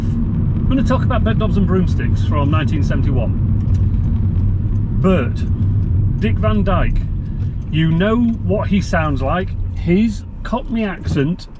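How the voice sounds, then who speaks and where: A man with a Lincolnshire accent ranting to camera while driving, exasperated and speaking in short broken phrases. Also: high-pitched. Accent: Lincolnshire English. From England, Lincolnshire. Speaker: vlogger. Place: inside a moving car. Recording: loud road noise inside a car.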